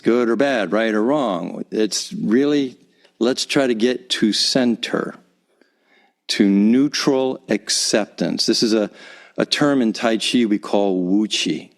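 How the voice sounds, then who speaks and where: A man teaching calm self-acceptance, guiding breathing in a slow, soothing way with soft repeated cues, recorded in a home vocal booth. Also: lowish voice. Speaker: guest teacher. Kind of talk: calm guided breathing instruction.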